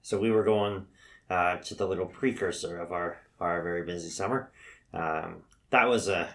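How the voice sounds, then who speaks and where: Male co-host, very deep voice, laid-back and halting. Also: a bit bright. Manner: easygoing, halting with fillers. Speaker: firefighter podcast co-host. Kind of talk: casual chat.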